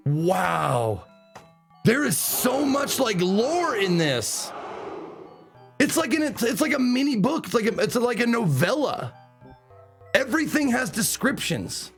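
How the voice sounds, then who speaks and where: A man streaming a game live, chatting excitably, swearing casually and reading the game's text aloud. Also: extremely high pitch, a little slow, faint music behind. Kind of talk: live let's play commentary.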